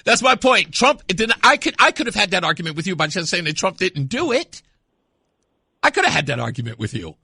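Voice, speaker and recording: A man's voice: sits high, sing-song, fairly quick, gravelly, bright, forceful tone, breathy edge, dry recording. A man hosting a call-in radio talk show, arguing insistently with a caller and repeating his points. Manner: insistent, argumentative, repeats himself. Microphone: studio mic.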